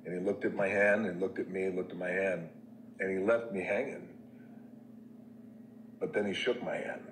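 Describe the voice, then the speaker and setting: A man telling a personal story in a candid, conversational way, with many fillers, restarts and soft reflective passages. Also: low-pitched, steady tone, normal speed, roomy sound, slight background noise, poor audio.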